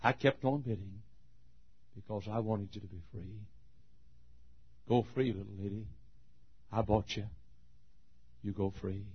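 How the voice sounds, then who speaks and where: A male preacher voicing a kind, gentle man who speaks low and hushed on a lo-fi sermon recording. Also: lively intonation, a little slow. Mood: tender. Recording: dull lo-fi old sermon tape.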